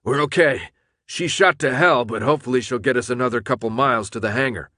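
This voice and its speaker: A hard, impatient middle-aged pilot with a cold, gruff growl, as a man reading an audiobook puts him on. His lines are pushed loud and raised. It is a dry, close recording. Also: mid-range voice, a little fast, no room sound, lightly acted.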